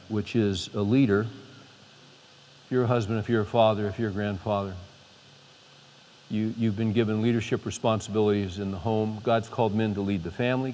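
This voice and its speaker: A man's voice: fairly low pitch, a little hiss or hum. A man giving an unscripted sermon from a podium, with many restarts, building to emphatic peaks. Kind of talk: informal sermon. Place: large hall with a podium. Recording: long hall reverb.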